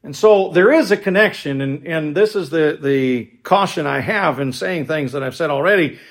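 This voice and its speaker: High-voiced male pastor, measured sermon delivery with frequent restarts and asides.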